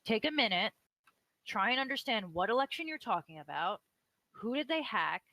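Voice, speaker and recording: A woman's voice: on the high side, big pitch swings, normal speed, pushed and bright, no echo. Exasperated bossy woman, dry close sound. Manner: bossy, exasperated, swears, cuts in. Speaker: co-host of an online debate stream. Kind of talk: heated casual argument.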